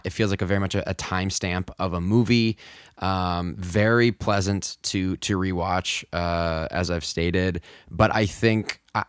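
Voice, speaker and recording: A man co-hosting a film podcast, talking earnestly and haltingly with many restarts. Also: sits low, clean tone, no room sound, clean studio sound. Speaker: podcast co-host. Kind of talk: casual podcast chat.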